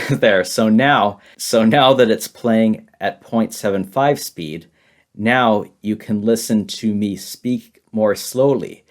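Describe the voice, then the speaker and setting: A man with a fairly low voice runs a beginner English lesson over his screen. He repeats simple phrases patiently and laughs lightly now and then. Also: takes it slowly. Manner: simple words, heavy repetition, light laughs. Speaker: English teacher. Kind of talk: slow, repetitive beginner lesson.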